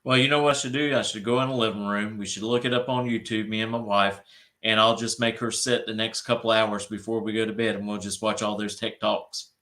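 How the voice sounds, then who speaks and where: A man's voice: lowish voice, steady tone, brisk, bright, forceful tone. A man, hosting an interview in casual, folksy chat. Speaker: interview host.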